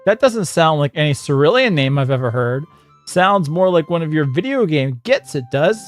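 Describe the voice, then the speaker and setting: A man putting on a loud mock-British adventuress. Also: on the high side, expressive, normal speed, faint music behind, natural voice. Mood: puzzled. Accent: put-on British. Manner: loud, chummy, old-fashioned slang. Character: brash young woman adventurer, folksy and bossy.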